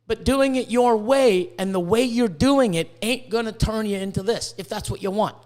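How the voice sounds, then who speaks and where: A Canadian podcast host with a high-pitched, slightly mellow voice chats casually at a moderate pace. He swears a lot and stumbles over repeated words while making emphatic points.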